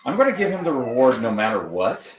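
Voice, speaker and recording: Gentle, animated male dog trainer. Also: medium pitch, fast talker, recorded from a distance. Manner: gentle and encouraging, explains step by step. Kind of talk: live training demonstration with explanation. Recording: echoey room, off-mic, faint noise.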